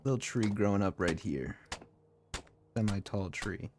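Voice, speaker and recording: A man's voice: on the low side, lively intonation, unhurried. A man live-streaming a building game, chatting casually with his viewers and laughing often. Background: faint background music.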